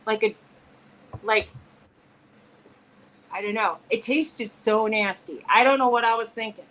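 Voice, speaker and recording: Woman co-host, fairly high voice, chatty and quick to laugh, faint background hiss. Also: a bit bright, rough recording. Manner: chatty, laughs easily, plays with pronunciations. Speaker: live show co-host. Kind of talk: casual chat between friends.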